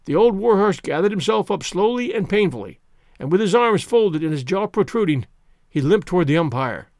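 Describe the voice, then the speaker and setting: A man reading a story aloud in first-person narration, lively and expressive. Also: high voice, fairly quick, no room sound, clean studio sound. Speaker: audiobook narrator.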